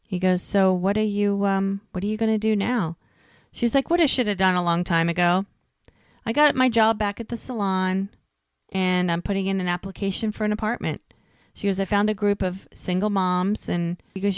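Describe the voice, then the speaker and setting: A woman's voice: mid-range voice, fairly even intonation, normal speed, smooth, dry recording, studio quality. Chatty woman retelling a TV episode. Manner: retells scenes by quoting characters, lots of "she's like". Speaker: podcast co-host recapping a TV episode. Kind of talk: casual recap chat.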